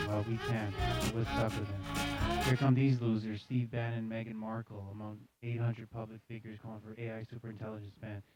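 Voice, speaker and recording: A man's voice: fairly low pitch, little pitch movement, brisk, over loud music. A man in his forties hosting a comedic news monologue, talking in a sarcastic, mocking way. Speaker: show host.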